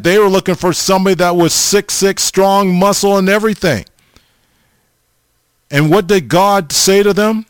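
Male preacher, informal sermon, slow deliberate delivery, smooth clear tone, slightly high voice. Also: no room sound. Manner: slow, halting, repeats the audience name often.

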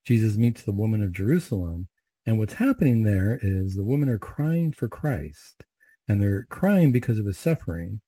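Male Catholic prayer leader, low dark tone, dry close sound, measured conversational delivery. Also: very animated, no room sound. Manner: measured, conversational, with occasional fillers. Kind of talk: recited prayers, then a spoken reflection.

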